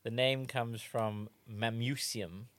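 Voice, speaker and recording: Male podcast co-host, mid pitch, bright forward tone, wry fact-explaining delivery. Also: fairly even intonation, slow pace, no room sound. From South Africa. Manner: wry, explains facts with dry jokes. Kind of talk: comedic casual chat.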